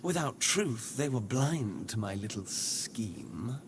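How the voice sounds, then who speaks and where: An actor playing a scheming male video game character, speaking low, hushed and measured. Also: expressive, background noise.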